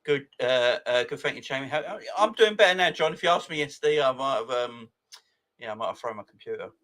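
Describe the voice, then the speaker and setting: Host: excitable man in his forties, bright forceful voice, casual live-chat energy. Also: medium pitch, brisk. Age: 40s. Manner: excitable, laughs often, greets viewers by name. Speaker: football fan channel host. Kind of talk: casual live chat reading viewer comments.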